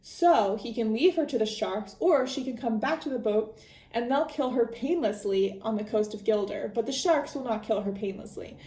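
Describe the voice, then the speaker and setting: A woman's voice: on the high side, expressive, moderate pace, dark tone. Woman, podcast host, casual book recap, chatty, frequent restarts, echoey room.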